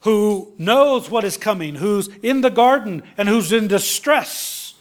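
A man preaching a sermon, swinging between impassioned rises and hushed, quiet moments. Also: high-pitched, animated, a little slow. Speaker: pastor.

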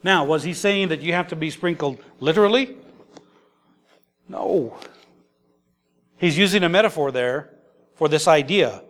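A man's voice: a little high, measured pace, pauses often, fairly bright tone. A man preaching a sermon in an emphatic, conversational way. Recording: long echoey hall reverb.

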